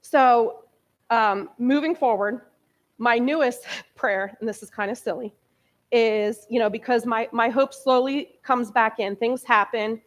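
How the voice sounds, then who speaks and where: A woman in her early forties speaks from the front of a church, telling her own story of lost and found hope. Her voice sits a little high, and she talks in a candid, conversational way that turns emotional as she goes. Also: measured pace. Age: 40s. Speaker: guest speaker. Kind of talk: personal testimony sermon. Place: church sanctuary.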